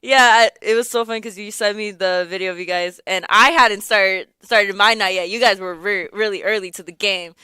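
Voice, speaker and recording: A woman's voice: mid-range voice, normal speed, few pauses, clear, resonant tone, dry recording. A young woman hosting a casual morning radio chat from a studio, telling stories with frequent giggles. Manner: giggly, lively storyteller. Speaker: radio show host. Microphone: studio microphone.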